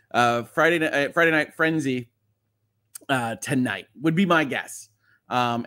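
Fast-talking man reading viewer chat. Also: fairly high pitch, bright, forceful tone. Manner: fast-talking, chatty, reads comments aloud. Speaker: lawyer and livestream host reading viewer chat. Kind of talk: casual livestream chat.

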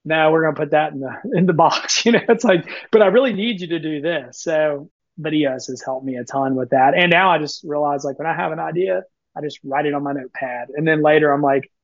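A man guesting on a podcast tells quick, animated stories and keeps slipping into the voices of the people in them. His voice sits fairly high. The sound is dry and a little muffled. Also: no echo. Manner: fast, animated, quotes himself and others often. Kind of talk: casual storytelling.

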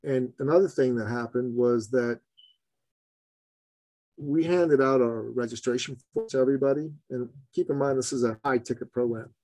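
A man in a podcast interview, telling a story with chummy energy and animated pitch leaps. His voice sits mid-range and is recorded dry and close, with no room sound. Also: normal speed, no echo, rough recording. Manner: animated, swings pitch widely for emphasis; chummy, calls the host buddy and brother. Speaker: entrepreneur guest.

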